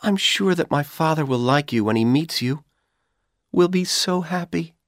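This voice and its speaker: A man's voice: on the high side, animated, normal speed, no echo, clean studio sound, voice pushed up. A man reading an audiobook, voicing an anxious, pregnant young college woman who pleads and breaks into tears. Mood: pleading. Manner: pleading, tearful, rising to shouts.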